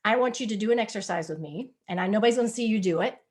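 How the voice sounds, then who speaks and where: A wellness presenter gives a spiritual health talk live over a video call, speaking very fast in a medium-pitched voice. She is earnest and coaxing, and she keeps repeating her points.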